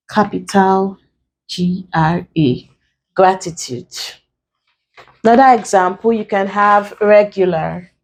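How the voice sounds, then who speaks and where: Slow, deliberate Nigerian woman teacher. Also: medium pitch, darkish tone, poor audio. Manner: slow and deliberate, spelling out letters. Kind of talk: exam-prep lesson.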